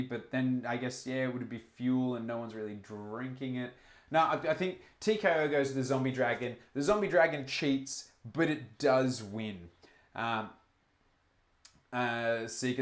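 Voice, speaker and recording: A man's voice: mid-range voice, roomy sound. A man with an Australian accent hosting a live stream, chatting casually with many fillers and restarts and reading out chat comments. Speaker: livestream host.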